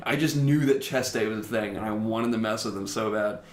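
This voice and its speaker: A young man co-hosting a podcast, telling high school stories in a casual, animated way and mimicking people in high voices. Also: fairly quick, slight background noise. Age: young adult. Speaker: podcast co-host. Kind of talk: casual storytelling chat. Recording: roomy echo.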